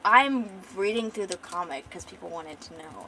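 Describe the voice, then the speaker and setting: A woman's voice: fairly low pitch, lively intonation, moderate pace, pushed and bright, a little hiss or hum, rough recording. A young woman streamer casually retelling her comic's story, rambling with profane joking asides. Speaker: artist and streamer.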